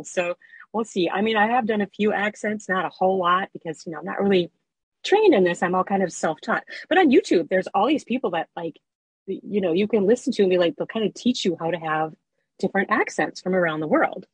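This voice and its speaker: A woman who writes and narrates erotica, telling her story as a guest in a casual, animated interview chat with plenty of fillers. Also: medium pitch, fairly quick, slightly rough, dry recording, rough recording.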